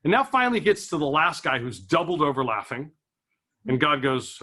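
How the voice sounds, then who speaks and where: A young stand-up comedian tells stories on stage in a slightly high, very animated voice that sounds pushed and bright, at normal speed. He acts out characters' voices and laughs at his own jokes.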